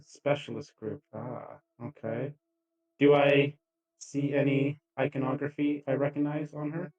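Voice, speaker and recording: A man playing a tabletop game in character, with a wry, deadpan manner. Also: medium pitch, a little slow. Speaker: player. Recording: dull lo-fi mic, faint music.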